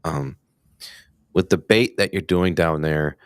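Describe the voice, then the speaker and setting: A man's voice: low-pitched, slow pace, no echo, clean studio sound. A man hosting a hunting podcast, asking questions in a casual, slangy, enthusiastic way. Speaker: podcast host. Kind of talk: casual interview chat.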